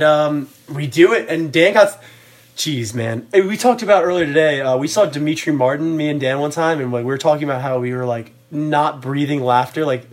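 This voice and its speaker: A young man telling stories in a casual podcast chat, animated and rambling, with lots of fillers. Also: a little high. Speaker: podcast co-host.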